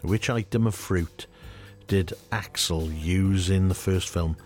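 A man's voice: low-pitched, slow, a little mellow, soft background music. A middle-aged man, hosting a radio show in a studio, chatting casually and running a quiz in a jokey, chuckling manner.

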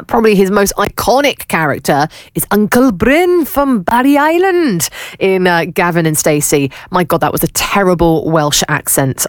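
A woman's voice: lowish voice, dry recording, clean studio sound. Chatty woman radio host. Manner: chatty and self-deprecating. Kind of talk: casual radio presenting.

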